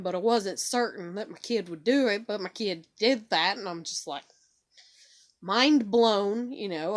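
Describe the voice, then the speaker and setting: A woman's voice: mid-range voice, a bit bright, no echo, studio quality. A middle-aged woman venting in a personal vlog, swearing often and full of fillers, sounding worn down and depressed. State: depressed and weary. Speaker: vlogger. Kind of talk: emotional personal vlog rant.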